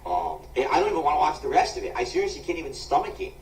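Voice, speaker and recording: A man's voice: fairly high pitch, lively intonation, fast. Distant echoey streamer man asking for money. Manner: pleading for donations, complaining. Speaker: live streamer. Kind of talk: casual stream chat. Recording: distant, echoey clip with faint hiss.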